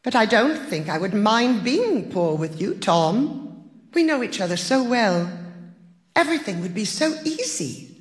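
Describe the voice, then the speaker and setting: A reader voicing a gentle, affectionate young woman who speaks softly, in a recording with a long echo. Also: mid-range voice, very animated, measured pace, voice pushed up. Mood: tender. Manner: soft and gentle. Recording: long echoing reverb.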